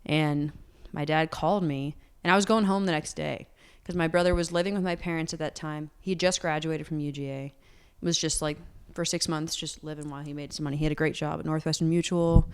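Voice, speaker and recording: Her voice sits low, with fairly even intonation and a clean tone, and she talks briskly with hardly any pauses. The young woman, a singer-songwriter, is earnest and open in her interview, peppering her speech with "like."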